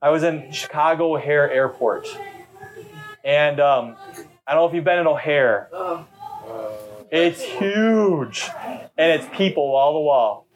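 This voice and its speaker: A man's voice: a little high, animated, takes it slowly, pauses often, muffled recording, soft background music. A middle-aged man, a pastor, preaching a sermon in a chatty, storytelling way during a church service. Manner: conversational storytelling preacher, talkative.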